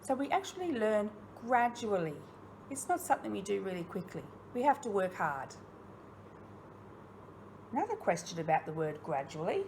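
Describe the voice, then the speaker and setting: An Australian primary school teacher records an online lesson for young children, asking them questions and speaking encouragingly and expressively right to them. Her medium-pitched, darkish voice is very animated and moderately paced with frequent pauses, and there's a little hiss or hum.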